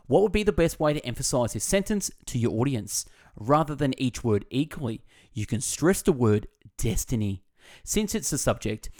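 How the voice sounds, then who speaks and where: A man narrating a scripted book summary in an expressive reading voice that stresses key words. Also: mid-range voice.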